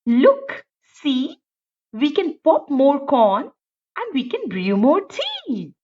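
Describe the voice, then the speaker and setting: A woman voicing a small cheerful mouse who calms a friend down. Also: high voice, slow, exaggerated voice. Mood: soothing. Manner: soothing, reassuring. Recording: dull lo-fi recording.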